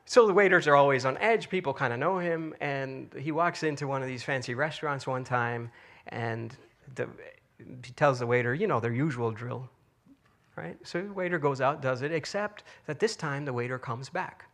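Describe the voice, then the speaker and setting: A man's voice: mid-range voice, normal speed, fairly bright tone. A man giving an inspirational talk to an audience, telling a story in a conversational way with frequent fillers. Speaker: speaker.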